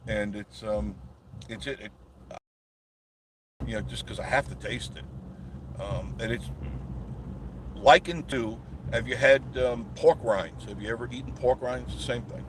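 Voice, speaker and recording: A man's voice: mid-range voice, measured pace, pauses often. A man hosting a live stream from his car, chatting with viewers in a rambling, folksy way. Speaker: channel host. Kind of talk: live-streamed driving chat. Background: car and road noise.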